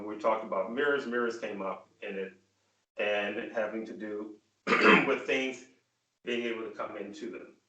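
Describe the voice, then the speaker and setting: Host, male, lowish voice, halting and rambling, mic far off in a roomy space. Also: fairly bright tone. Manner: rambling, halting, with many filler sounds. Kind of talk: casual discussion.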